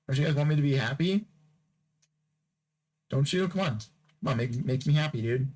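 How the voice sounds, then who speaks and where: A man's voice: medium pitch, animated, moderate pace, long pauses, a little mellow, rough recording. A man hosting a podcast, rambling through a casual solo sign-off, joking with and teasing his listeners and repeating phrases over and over. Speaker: podcast host.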